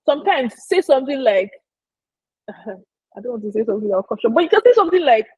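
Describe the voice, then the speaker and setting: A woman's voice: a little high, lively intonation, fast talker, darkish tone, husky, no room sound, poor audio. A woman giving an informal marketing lesson, chatty and emphatic, speaking straight to her listeners. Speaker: business marketing presenter. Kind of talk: informal teaching talk.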